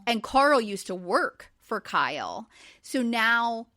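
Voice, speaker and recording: A woman's voice: fairly high pitch, slow pace. A woman in her forties, a podcast host, recapping in casual chat with lots of fillers. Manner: chatty, animated, many fillers.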